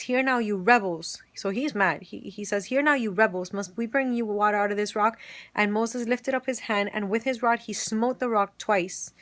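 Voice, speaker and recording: A woman's voice: mid-range voice, a bit bright. A woman leads a Bible study, walking through scripture and quoting its lines. Her voice sits in a middle range, and she often restarts her phrases as she explains. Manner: retells scripture with quoted dialogue, frequent restarts. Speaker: Bible teacher.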